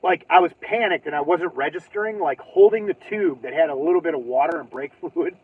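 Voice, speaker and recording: A man's voice: fairly high pitch, a little fast, breathy edge. A man hosting a livestream who tells a story casually and animatedly, swearing, laughing and acting out his own reactions. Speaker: livestream host. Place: in his car. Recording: tinny phone-like livestream audio.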